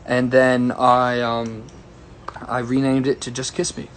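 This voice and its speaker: A man's voice: medium pitch, monotone, measured pace, a little hiss or hum. Easygoing young man chatting. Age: young adult. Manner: rambling and easygoing, greeting viewers by name. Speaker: singer-songwriter. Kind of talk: casual livestream chat answering viewer questions. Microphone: phone livestream.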